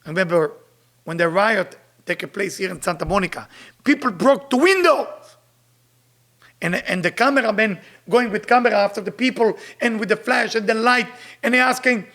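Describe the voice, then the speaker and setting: Emphatic teacher, man, gravelly. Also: high-pitched, moderate pace, a bit bright. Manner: emphatic, repeats rhetorical questions. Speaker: Kabbalah teacher. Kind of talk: spiritual lecture reading and translating Hebrew text.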